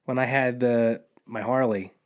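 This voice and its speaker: A man's voice: mid-range voice, fairly even intonation, a little slow. A man who is a guest on a podcast, telling anecdotes in a casual, rambling way and often restarting his sentences. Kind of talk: casual chat.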